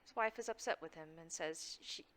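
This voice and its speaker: A woman running a tabletop game, narrating and speaking in character with measured, formal phrasing. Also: low voice, fairly bright tone. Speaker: game master.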